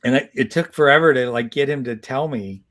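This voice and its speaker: Sixties man, guest storyteller, lively and halting, mid-pitched. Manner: animated storyteller, many restarts. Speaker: guest comic artist. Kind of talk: casual storytelling interview.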